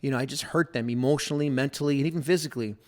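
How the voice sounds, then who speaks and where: A middle-aged man, a pastor, telling his personal story in a podcast interview, earnest and full of fillers, at times dropping to a hushed voice. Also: mid-range voice, rapid-fire.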